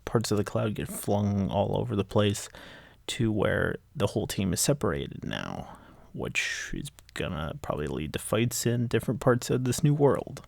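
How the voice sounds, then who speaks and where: A man's voice: fairly low pitch, big pitch swings, moderate pace, vocal fry, dry recording. A man giving a casual, rambling recap of a manga chapter, full of fillers and repeated enthusiasm.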